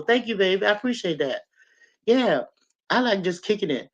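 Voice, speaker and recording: A woman hosting a livestream, chatting casually with viewers and telling animated, colloquial stories. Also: mid-range voice, normal speed, muffled recording. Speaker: livestream host. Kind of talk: casual chat and storytelling to viewers.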